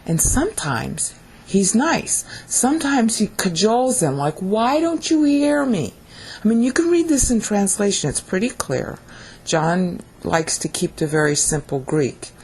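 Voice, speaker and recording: Woman Bible teacher, deep husky voice, chatty to-camera lesson. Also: darkish tone. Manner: conversational, repeats "okay?" to check in. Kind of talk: casual video teaching.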